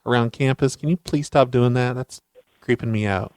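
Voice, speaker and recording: Deadpan man making prank calls. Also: medium pitch, moderate pace, smooth, no room sound, studio quality. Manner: deadpan, mock-serious. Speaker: prank caller and show host. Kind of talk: prank phone call.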